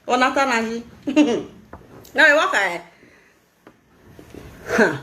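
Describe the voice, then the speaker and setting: Lively high-pitched Nigerian woman vlogger. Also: slow, echoey room. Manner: animated, scolding, laughing often. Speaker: live-stream vlogger. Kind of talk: casual live-stream commentary.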